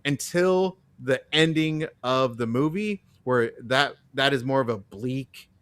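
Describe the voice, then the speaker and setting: Brief: male panelist, mid pitch, halting and hesitant, dry close sound. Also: animated, fairly bright tone, smooth, no echo. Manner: halting, many fillers and restarts. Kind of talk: casual live film review chat.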